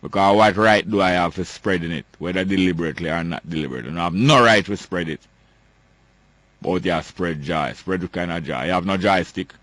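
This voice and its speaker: Emphatic Jamaican man with a low voice. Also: fairly quick, a bit bright, no room sound. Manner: emphatic, repetitive, ranting. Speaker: talk show host. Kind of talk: political commentary.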